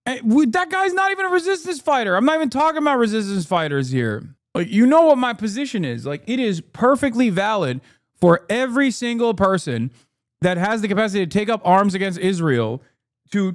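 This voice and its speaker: A male streamer giving heated, profane reaction commentary, talking fast with many fillers. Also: sits high, no room sound, clean studio sound.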